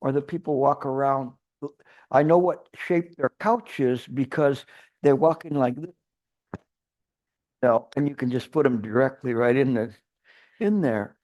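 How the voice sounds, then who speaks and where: In a retreat hall, a man with a medium-pitched, darkish voice gives a dharma talk as a Chan meditation teacher. He speaks a little slowly and pauses often, rambling and restarting as he offers playful everyday examples.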